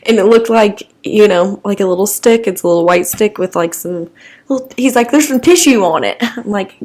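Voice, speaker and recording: A woman's voice: medium pitch, normal speed. A young woman from the American Midwest, co-hosting a podcast and telling a story in a casual, chatty way, laughing often and swearing freely. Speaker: podcast co-host.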